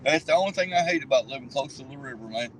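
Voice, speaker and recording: A man's voice: mid-range voice, animated, rapid-fire, poor audio. Southern male trucker, emphatic, profane, casual, light outdoor noise behind. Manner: profane, emphatic, laughing easily. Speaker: truck driver guest. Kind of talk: casual chat.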